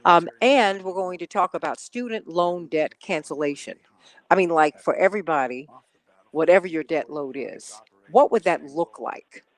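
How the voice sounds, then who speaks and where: A woman's voice: lowish voice, normal speed. A woman hosting a radio talk show, chatting casually and greeting listeners by name before the show. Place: radio studio.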